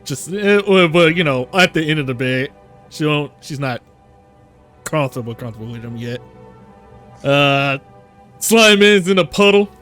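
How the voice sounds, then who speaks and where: A man's voice: a little high, animated, normal speed, pauses often, fairly bright tone, faint music behind. A man narrating a tabletop game as game master, rambling with fillers and laughs.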